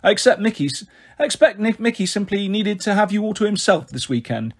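A flighty, affectionate mother with a bright, brittle gush, as a man reads her. The voice sits high and lilting, with a husky edge. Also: very animated, brisk, full character voice. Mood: bright, forced.

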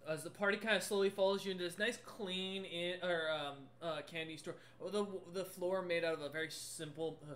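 A man's voice: a little high, a bit bright, a little hiss or hum. A man running a tabletop game as game master, narrating casually with many fillers and restarts. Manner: casual, filler-heavy, rambling.

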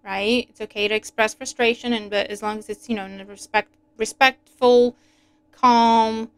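A woman giving a casual, animated tarot reading, chatty and quick to laugh. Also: fairly high pitch, clean tone. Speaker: tarot reader.

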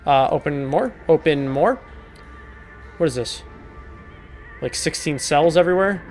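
A man's voice: fairly high pitch, unhurried, a little mellow, soft background music. A man hosting a horror game playthrough, talking to the characters with joking, profane, mock-apologetic banter. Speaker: gaming video host. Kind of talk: horror game let's play commentary.

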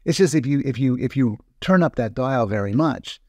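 A man's voice: mid-range voice, expressive, moderate pace, warm tone, no echo. A man, a psychologist guest in a podcast interview, arguing his points in a careful, reasoned way. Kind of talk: conversational interview.

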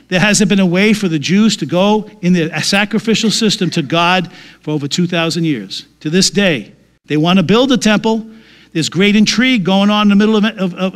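High-voiced emphatic male pastor. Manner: emphatic, repeats key phrases for stress. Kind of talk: sermon.

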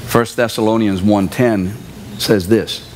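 A man preaching a sermon in a church, animated, acting out quoted voices and sometimes shouting. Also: fairly low pitch, measured pace, slight background noise. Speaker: pastor. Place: church sanctuary.

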